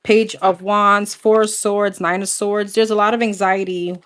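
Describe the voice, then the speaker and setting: A woman's voice: mid-range voice, flat delivery, a little slow, fairly bright tone. A young adult woman doing a casual tarot reading, calling out cards one after another and chatting with viewers, laughing often. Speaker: tarot reader.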